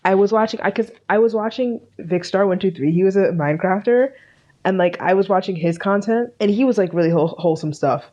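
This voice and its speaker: A woman's voice: mid-range voice, brisk, dark tone, dull audio. A woman co-hosting a podcast, chatting casually, rambling, swearing freely and trailing off. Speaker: podcast co-host. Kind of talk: casual chat.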